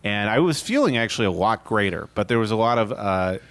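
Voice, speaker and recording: A man's voice: on the low side, expressive, a little fast, fairly bright tone. A man co-hosting a podcast, chatting casually and riffing on crude jokes. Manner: jokey, riffing crude bits. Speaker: podcast co-host. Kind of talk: casual comedy chat.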